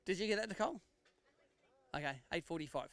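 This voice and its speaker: A man's voice: high voice, lively intonation, fast, a bit bright. An Australian man hosting a live fishing tournament weigh-in, joking with anglers and calling out weights and standings. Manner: jokey banter with anglers, announcing weights and standings.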